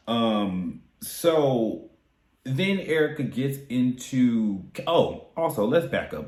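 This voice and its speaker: A man's voice: mid-range voice, very animated, takes it slowly, darkish tone. A man giving a casual, sassy recap of a reality TV episode, campy and profane, with big swoops in his voice. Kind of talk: casual commentary. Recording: echoey room.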